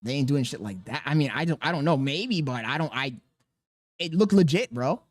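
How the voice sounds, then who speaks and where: A young man hosting a podcast, telling a profane story in a casual, animated way. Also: fairly high pitch, a little fast, dry recording. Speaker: podcast host.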